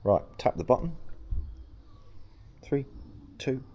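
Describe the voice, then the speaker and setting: The tech reviewer chats to his action camera during an outdoor run, his mid-range voice mellow, sing-song and slow. Occasionally short of breath, he keeps up a casual vlog to camera over wind and outdoor noise.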